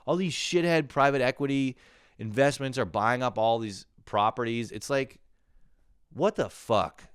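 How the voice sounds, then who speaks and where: In a casual comedic monologue, a young adult comedian who hosts a podcast rambles and rants in exasperation, swearing as he goes. His voice is medium-pitched, unhurried and clean-toned, with clean studio sound and no room noise.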